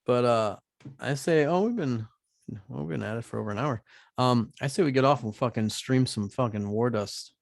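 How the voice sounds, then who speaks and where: A man co-hosting a casual podcast on a studio mic, animated, swearing often and saying "dude" a lot. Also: mid-range voice, moderate pace, vocal fry, no echo. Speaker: podcast co-host. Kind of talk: casual banter.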